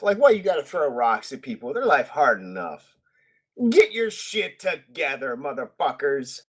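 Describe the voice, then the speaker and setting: A man's voice: on the high side, fairly bright tone, husky. A man ranting heatedly on a casual podcast, swearing a lot. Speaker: podcast co-host. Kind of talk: casual profane chat.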